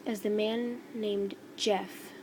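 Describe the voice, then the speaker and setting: Woman reading her fan story, slow and kinda monotone, stumbles sometimes, noisy mic. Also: medium pitch. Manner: slow, flat, halting reading.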